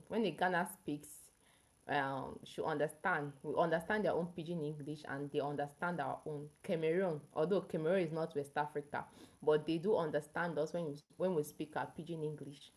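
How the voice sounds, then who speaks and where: Nigerian woman chatting on a livestream, slightly low voice. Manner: chatty, explaining at length to a viewer. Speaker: livestream host. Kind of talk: casual livestream chat.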